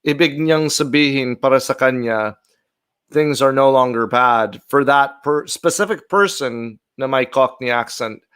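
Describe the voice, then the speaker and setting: Host type, male, mid-pitched, smooth and resonant, earnest and conversational. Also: a little slow, fairly bright tone. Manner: chatty, earnest, thinking aloud. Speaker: video host reacting to an old clip. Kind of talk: casual commentary.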